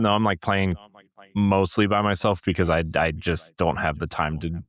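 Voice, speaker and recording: A man co-hosting a gaming podcast, chatting casually in a rambling, animated way with lots of fillers. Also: low-pitched, moderate pace. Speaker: podcast co-host. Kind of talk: casual chat.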